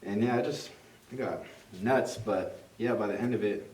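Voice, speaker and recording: A man's voice: on the low side, normal speed, a little mellow, distant mic, slight background noise. A young man talking as a podcast co-host and new father, in a loose, rambling way full of "like" and "you know.". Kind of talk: casual chat. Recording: roomy, from off the mic.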